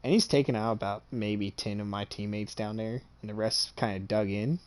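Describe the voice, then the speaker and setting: A man with a somewhat low voice tells a story in a loose, chatty way. He swears freely and sounds pleased with himself. He keeps checking in with his listener as he goes. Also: fairly even intonation, moderate pace, a little mellow. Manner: boastful and amused. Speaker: streamer. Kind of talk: casual storytelling.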